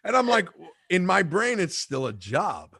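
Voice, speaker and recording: Male host, casual storyteller, gets animated on quotes, dry close mic. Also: high-pitched, moderate pace, creaky, breathy edge, no echo. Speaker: podcast host and fishing captain.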